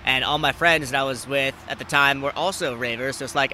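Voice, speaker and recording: A man in his twenties hosting a podcast, telling stories in casual chat, animated and swearing freely, acting out the people he quotes. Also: a little fast, a little hiss or hum. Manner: animated, acts out quoted people with big jumps in pitch and loudness. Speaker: podcast host.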